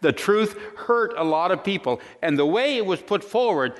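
A man's voice: high voice, animated, normal speed, long reverb tail. A man, a pastor, preaching a sermon in a folksy way and telling jokes as he goes.

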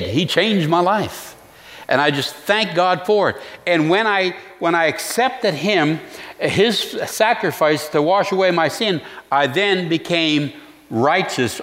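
A male pastor preaching a sermon in an earnest way, pausing to reflect and restarting his phrases. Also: fairly high pitch, fairly bright tone, big-room sound.

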